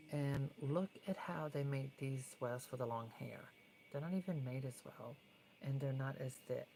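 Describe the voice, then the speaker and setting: A woman with a very low, deep voice giving a casual hands-on tutorial. She is chatty and opinionated, and now and then slips into a soft whisper. A faint hum of room noise sits behind her. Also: vocal fry, poor audio. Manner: chatty, opinionated, drifts between soft whispers and fuller speech. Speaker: doll customizer vlogger.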